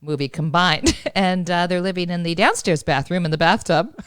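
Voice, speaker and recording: A woman co-hosting a podcast, chatting casually and telling animated stories full of laughter. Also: lowish voice, moderate pace, clean tone, no echo, studio quality. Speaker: podcast co-host. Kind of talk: casual chat.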